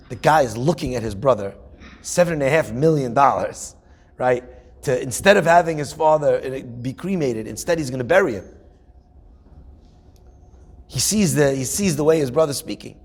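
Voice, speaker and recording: A man's voice: medium pitch, expressive, normal speed, pauses often. A man, a rabbi, telling a Torah story vividly, acting out the dialogue of its people.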